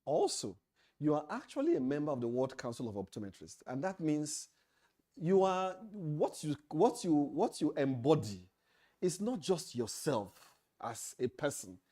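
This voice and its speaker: A man with a Nigerian English accent delivers a leadership training lecture to officials. His voice is mellow and warm, and he speaks emphatically. He hammers his points home by repeating key phrases. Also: a little high, very animated, normal speed. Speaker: leadership trainer at an association meeting. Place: meeting hall.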